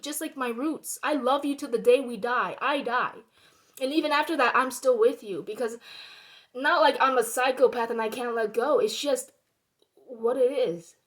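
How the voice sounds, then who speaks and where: A woman ranting to camera in a heated, rambling way, dropping quiet and then growing loud and worked up. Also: sits high. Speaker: vlogger. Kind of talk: heated personal rant to camera.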